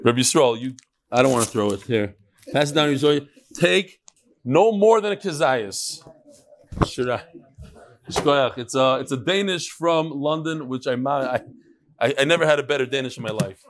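A man's voice: mid-range voice, expressive, normal speed. A man teaching a casual religious class to a live audience, joking and bantering with the room between lessons. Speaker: rabbi teaching a daily class. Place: study hall with a live audience.

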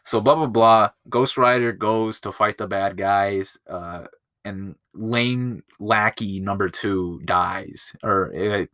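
A man hosts a laid-back movie-review podcast and rambles through it, full of swearing and filler words. His voice sits on the low side. The recording is dry and close-miked. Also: bright, forceful tone, no room sound. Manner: rambling and profane, with lots of filler. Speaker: podcast host.

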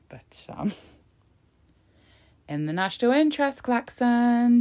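A woman's voice: low voice, animated, moderate pace, vocal fry, a little mellow. A woman giving casual, sarcastic live commentary, laughing often and throwing in sassy asides. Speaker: live commentator on a press conference.

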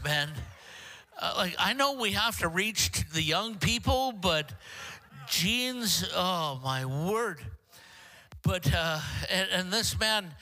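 An older man delivers a sermon as a guest preacher. His voice sits high and sounds bright, and he keeps breaking into jokey, self-deprecating asides. He stumbles through halting restarts before pressing on.

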